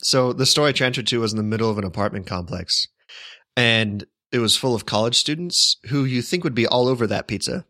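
A young man tells a long story in a loose, rambling way, wry and amused at himself. His voice sits at a middle pitch. The sound is close and dry. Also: fairly bright tone, no room sound. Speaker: podcast co-host. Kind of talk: casual storytelling chat.

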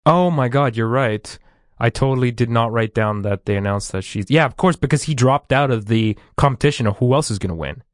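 A man co-hosting a casual chat, recapping plot from his notes in a measured way. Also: medium pitch, no echo, studio quality. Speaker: podcast co-host.

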